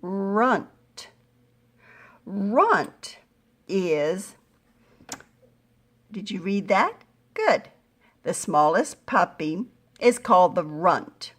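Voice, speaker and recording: A middle-aged woman teaching a phonics lesson to young readers, patient and encouraging, sounding words out slowly. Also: on the low side, big pitch swings, breathy edge. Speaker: reading teacher.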